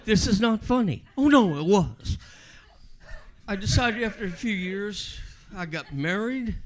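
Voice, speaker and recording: A man's voice: high-pitched, lively intonation, unhurried, a little hiss or hum. An older man performing his first bawdy stand-up set at an open mic, with self-deprecating banter. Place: comedy club stage before a live audience.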